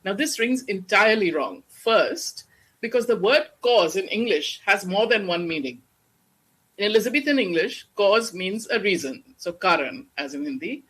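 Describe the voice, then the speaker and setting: A lecturer with a bright, clear-edged tone speaks at a steady mid pitch. The delivery is measured and explanatory, like an academic lecture to an audience. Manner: measured, explanatory, slows down to recite verse. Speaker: guest lecturer on Shakespeare.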